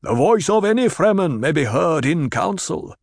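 A man voicing an impassive bearded desert chieftain who speaks gravely and formally. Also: fairly high pitch, sing-song, normal speed, no echo, clean studio sound, pitched above the performer's own voice.

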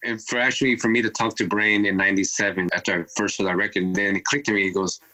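A man in his fifties, a turntablist guest telling a rambling, animated story and acting out what people said. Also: lowish voice, fast, low-quality recording. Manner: rambling, animated retelling with acted-out quotes. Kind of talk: casual storytelling.

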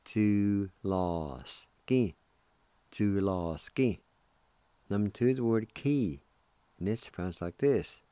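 A radio host teaches a language lesson in an unhurried, deliberate way. He spells words out letter by letter and repeats them. His voice is low, mellow and dry, close to the mic. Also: lively intonation, no echo.

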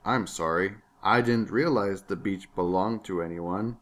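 A man's voice: sits low, a little slow, a bit bright. A man voicing an oblivious, matter-of-fact young gnome. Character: oblivious cheerful male gnome, blunt.

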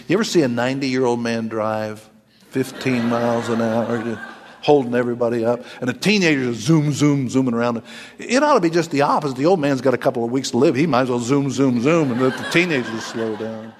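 A man's voice: medium pitch, brisk, slight background noise. Folksy preacher in his sixties, church reverb. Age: 60s. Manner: folksy, joking preacher with homespun asides. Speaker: pastor. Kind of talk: sermon.

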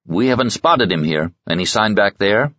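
A steady soldier-bodyguard reports in a plain, matter-of-fact way. A man narrating an audiobook voices him. He sits a bit above the reader's deep voice. The dry, slightly muffled recording has no room sound. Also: normal speed, no room sound.

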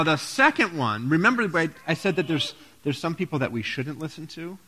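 A pastor gives a children's sermon in a church, keeping it playful and full of questions for the kids. His voice is bright and lively, rising and falling a lot as he jokes with them, with faint noise behind. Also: fairly high pitch.

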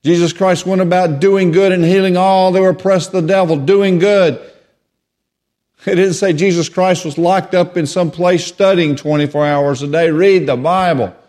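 A man preaching a sermon, emphatic and repetitive, swinging between raised declarations and quiet asides. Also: high voice, fairly even intonation, normal speed.

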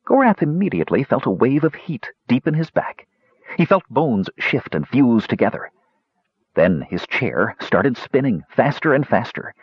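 A man narrating a fantasy story aloud in an expressive, lively reading voice. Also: medium pitch, normal speed, husky, no room sound. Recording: dull dry lo-fi recording.

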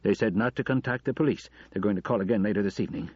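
A man playing a panicked shouting father. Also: lowish voice, racing, slightly rough, dry recording. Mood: agitated. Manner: loud, agitated, snapping. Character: panicked middle-aged male doctor, shouting father. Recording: dull lo-fi audiobook recording.

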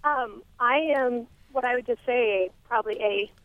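A woman's voice: a little high, fairly even intonation, normal speed, dry recording. Woman caller on a phone line. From Idaho. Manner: hesitant, polite. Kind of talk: call-in question.

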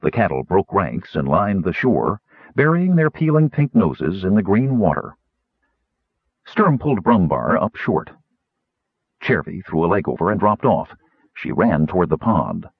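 A man narrating an audiobook in a lively, expressive reading. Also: sits low, unhurried, husky, no room sound. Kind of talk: scripted narration. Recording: thin phone-like dry audio.

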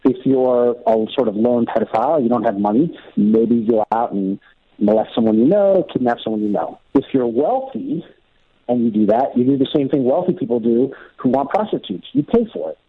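A man's voice: medium pitch, animated, a little fast, breathy edge, no room sound. A filmmaker on the phone during a radio interview, reasoning his points out aloud. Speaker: guest filmmaker. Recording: tinny phone line.

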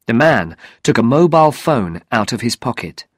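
A man narrating a graded reader story in a slow, clear, deliberate way. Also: mid-range voice, sing-song, no echo, clean studio sound.

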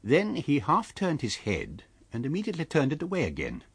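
A man narrating a classic novel as an audiobook, in a measured, expressive storytelling manner. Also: on the high side, slightly rough, dry recording.

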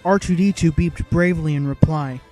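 A man's voice: a little high, brisk, a little mellow, faint music behind. A man giving dramatic, vivid scripted narration of an audiobook.

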